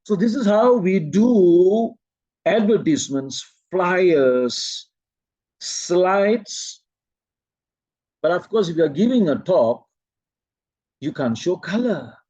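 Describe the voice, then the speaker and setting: A man from Malaysia teaching a presentation-skills workshop, speaking slowly and deliberately and quizzing his audience. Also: sits high, lively intonation, warm tone, no echo.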